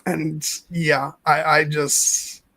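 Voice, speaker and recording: Excited man gushing about films. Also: on the high side, drawn-out words, no echo. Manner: enthusiastic, many restarts and swearing. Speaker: podcast host. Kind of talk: casual film discussion.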